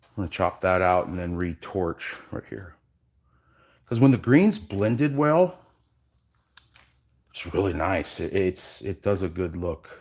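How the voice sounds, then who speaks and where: A man leads a live epoxy workshop demo, chatting casually with his viewers. His pitch swings widely, rising high when he greets the chat and sinking low and quiet as he concentrates on the work. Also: lively intonation, takes it slowly, long pauses. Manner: casual, chatty, addresses viewers directly, drifts quiet while working. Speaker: epoxy artist and workshop host.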